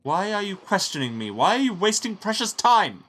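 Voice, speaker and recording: A man's voice: sits high, quick pace, fairly bright tone, pitched above the performer's own voice. A man doing an indignant older abbot. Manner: indignant, rising outburst. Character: anxious, angry older male abbot. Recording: game music behind voice.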